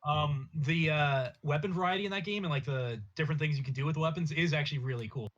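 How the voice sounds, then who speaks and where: A man on a casual gaming podcast, talking in a relaxed, hesitant way with many fillers. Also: fairly high pitch, fast talker. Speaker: podcast co-host. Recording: dull lo-fi sound.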